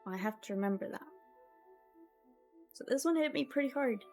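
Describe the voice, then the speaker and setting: A woman's voice: high voice, lively intonation, normal speed, a little mellow, soft background music. A woman streamer chatting with her viewers in a casual, emotional and reflective way, often sighing.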